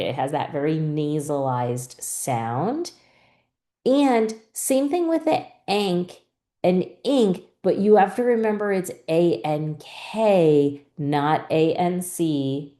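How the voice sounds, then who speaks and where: Low-voiced woman teacher, slow and patient, lots of "right?". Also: warm tone. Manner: patient, explanatory, asks "right?" often. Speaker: reading teacher. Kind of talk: instructional explanation.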